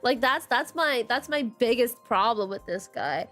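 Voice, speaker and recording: A woman's voice: on the high side, big pitch swings, moderate pace, a bit bright, soft background music. A young woman streaming a story game, commenting casually, exasperated and swearing often, saying "question mark" aloud.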